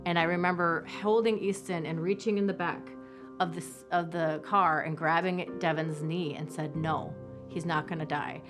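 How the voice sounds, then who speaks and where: In a personal testimony interview, a woman recounts her family's story in a low, dark, steady voice. She speaks haltingly, restarting sentences as she relives the moments, while soft music plays faintly behind her.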